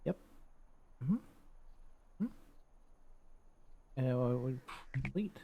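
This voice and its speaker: Slow-talking man muttering over a game. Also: mid-range voice, a little hiss or hum. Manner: relaxed, thinking aloud, muttering. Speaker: gaming YouTuber. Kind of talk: casual let's-play commentary.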